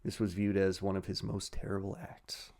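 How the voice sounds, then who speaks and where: Laid-back low-voiced man retelling lore. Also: monotone, normal speed, a little mellow. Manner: crude jokey storytelling, laughs often. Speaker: podcast host telling lore. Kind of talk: casual lore retelling over drinks.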